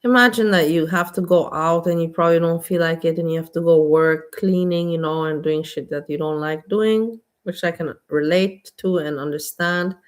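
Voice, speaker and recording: A woman's voice: fairly low pitch, moderate pace, hardly any pauses. Blunt ranting woman vlogger. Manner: blunt, exasperated, repetitive. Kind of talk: casual ranting monologue.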